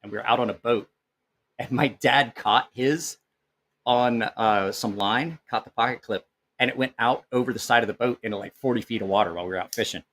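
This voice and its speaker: A knife channel host in his forties chats casually on a live stream, reading comments and wandering from one story to another while swearing freely. His middling-pitched voice is brisk and a little bright.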